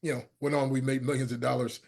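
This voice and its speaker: A man's voice: mid-range voice, fast, vocal fry. A middle-aged man, a motivational speaker, telling personal stories as a guest in an interview, acting out the voices of the people he quotes. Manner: animated storyteller who acts out quoted voices and shifts loudness a lot. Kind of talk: storytelling interview talk.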